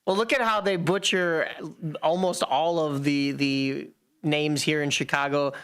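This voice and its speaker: A man co-hosting a local radio sports talk show, giving quick, dry takes from the studio. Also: a little high, fairly even intonation, fairly bright tone, clean tone. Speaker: radio co-host.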